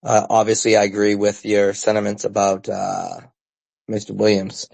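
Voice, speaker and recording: Low gravelly guy hosting a fan podcast, chill joking banter. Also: completely flat delivery, moderate pace, darkish tone, poor audio. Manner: laid-back, joking, bro-ish banter. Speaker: podcast host. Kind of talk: casual fan podcast chat.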